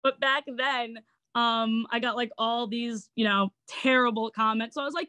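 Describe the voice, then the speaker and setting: Interview guest: young woman, Long Island accent, bright pitch, dry close sound, chatty and giggly. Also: moderate pace, no room sound. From Long Island, New York. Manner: chatty and giggly, animated retelling. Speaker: guest, actor and online entertainer. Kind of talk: casual interview chat.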